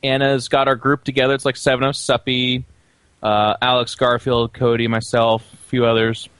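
A man co-hosting a casual podcast, telling a quick, relaxed anecdote. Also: mid-range voice, smooth, no room sound. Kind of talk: casual storytelling.

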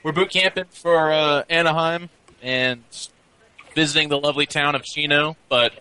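A man guest at a LAN center, telling stories in animated, casual chat. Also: a little high, moderate pace, smooth, no room sound, rough recording. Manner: animated storyteller. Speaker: guest player.

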